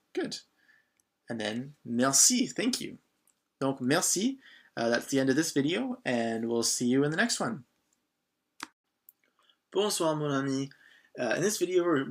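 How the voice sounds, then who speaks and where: A man teaching a beginner language lesson, patient and encouraging, with lots of short prompts and repetition. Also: medium pitch. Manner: patient, encouraging, switches between English and French phrases. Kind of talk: scripted lesson narration.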